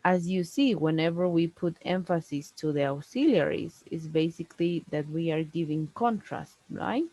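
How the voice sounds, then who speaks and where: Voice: medium pitch, dark tone, rough recording. Patient English teacher. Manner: patient, explains slowly, ends points with "no?" and "right?". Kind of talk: one-on-one online grammar lesson.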